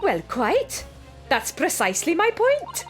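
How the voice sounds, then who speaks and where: A woman's voice: very high-pitched, wildly swooping pitch, unhurried, soft background music, voice pushed up, exaggerated voice. A woman voicing a haughty, prim older lady juror in a video game playthrough, speaking with disdain.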